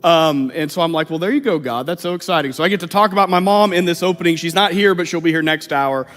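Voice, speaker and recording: A man in his thirties from Missouri preaching a sermon in a church, telling personal stories in a lively, humorous way. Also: on the high side, fast talker. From Missouri, USA. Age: 30s. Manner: lively, humorous storytelling with playful asides. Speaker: pastor. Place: church sanctuary. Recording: long reverb of a church hall.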